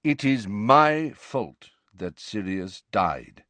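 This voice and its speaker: A man voicing a calm, serene old wizard headmaster, speaking slowly, softly and steadily. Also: lowish voice, dry recording. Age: older. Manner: slow, soft, measured and steady.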